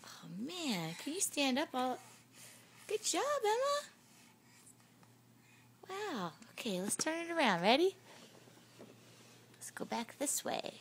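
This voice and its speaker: A woman's voice: sits high, big pitch swings, a little slow, a little hiss or hum. A young woman in a home video, coaxing a baby in a sing-song voice. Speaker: parent filming a baby.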